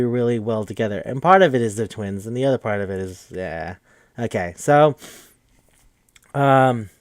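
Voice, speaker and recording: A young man hosting a podcast rambles through a movie recap at a middle pitch, leaping into higher tones when he quotes characters. The sound is close and dry, with no room around it. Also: a little mellow, no room sound. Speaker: podcast host.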